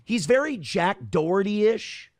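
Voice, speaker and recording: A man's voice: high voice, animated, slow, no echo. A man co-hosting a podcast, talking in a blunt, scornful, profane way. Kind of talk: casual podcast commentary.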